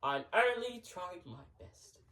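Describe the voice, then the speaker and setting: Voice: medium pitch, sing-song, slow pace, sharp tone, far from the mic, exaggerated voice. A performer voicing a clumsy shop worker who answers with defensive, exasperated mutters. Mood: flustered.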